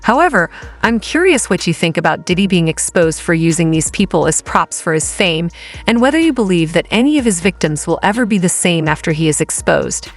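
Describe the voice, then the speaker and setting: Woman narrator, slightly low voice, dramatic scripted gossip read. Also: lively intonation, fairly quick. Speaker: channel narrator.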